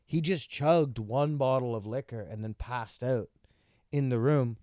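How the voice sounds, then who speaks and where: A man's voice: mid-range voice, measured pace, mellow, dry recording. A man telling a rambling story in casual podcast chat, with many restarts. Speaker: podcast guest, comedian.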